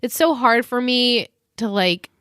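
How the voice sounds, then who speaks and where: A woman co-hosting a podcast, retelling a TV episode in animated, chatty, laughing storytelling. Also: a little high, unhurried, no echo, studio quality. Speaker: podcast co-host. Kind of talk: casual recap chat.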